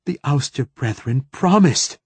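A man's voice: lowish voice, a little fast, a little mellow, slightly rough, dry recording. A man voicing a grave male Templar priest of a sacred tree, urgent and strained in an audiobook.

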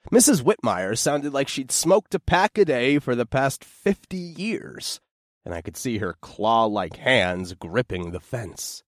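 Young man narrating horror, lively delivery. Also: medium pitch, a little slow, no room sound, studio quality. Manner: expressive storytelling with tense outbursts. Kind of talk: first-person horror audiobook narration.

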